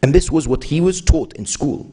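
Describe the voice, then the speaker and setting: A man's voice: a little high, moderate pace, dark tone, husky. A man giving a sermon as a sheikh, telling stories with voiced quotes and asking the audience rhetorical questions. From Iran. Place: mosque hall.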